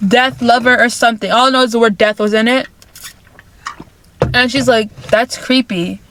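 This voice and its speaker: A woman's voice: a little high, steady tone, normal speed, noisy background. A woman vlogger retelling a movie plot in casual chat, repeating herself and filling with "like". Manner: chatty, repeats phrases, many "like" fillers.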